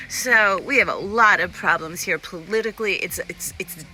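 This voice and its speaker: A woman chatting casually on a home live stream, rambling and animated, greeting viewers by name. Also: medium pitch, moderate pace, slight background noise. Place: at home, in a room with a window.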